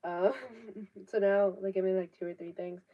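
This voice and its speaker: A woman's voice: medium pitch, little pitch movement, moderate pace. A 19-year-old woman, chatting casually on a live stream, rambling with lots of fillers and casual swearing. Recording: distant, dull laptop audio.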